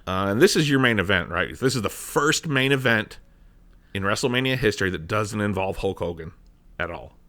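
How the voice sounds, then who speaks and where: A man's voice: lowish voice, expressive, brisk, bright, forceful tone. A man co-hosting a podcast in casual chat, swearing freely and ranting with many restarts. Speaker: podcast co-host.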